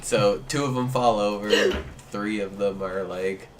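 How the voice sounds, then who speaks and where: A man's voice: on the low side, fairly even intonation, measured pace, background noise. A man running a tabletop game as game master, narrating with frequent hesitant ums.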